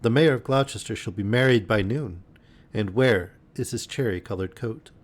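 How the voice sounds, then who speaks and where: A man's voice: on the low side, moderate pace, natural voice. A man voicing a poor, weary old tailor who frets and laments.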